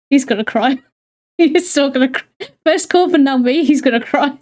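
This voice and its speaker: A woman's voice: sits high, moderate pace, darkish tone. A woman streamer reading a visual novel aloud to her chat, giggling often and breaking off with chatty asides.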